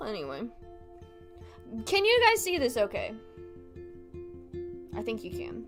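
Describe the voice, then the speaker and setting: A young woman in her twenties streaming a game live, gushing excitably and swearing casually as she chats to viewers. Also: medium pitch, measured pace, long pauses, over music.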